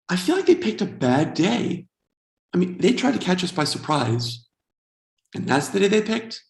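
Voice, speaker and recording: Wry, animated comedian in his forties. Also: on the high side, echoey room. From United States. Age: 40s. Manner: wry, self-deprecating, animated storytelling. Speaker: stand-up comedian. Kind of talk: stand-up comedy set.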